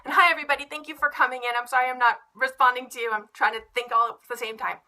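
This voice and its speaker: A woman's voice: high-pitched, very fast, a little hiss or hum. A young adult woman teacher on a phone live stream, chatty and a little nervous, talking through a classroom writing lesson. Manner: animated, acts out students' excited voices. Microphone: phone camera.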